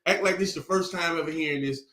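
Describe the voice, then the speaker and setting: High-voiced guy preaching hard, lots of slang and repeats, echoey room. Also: fast talker, bright, forceful tone. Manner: emphatic, slangy, repeats words. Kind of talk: sermon teaching.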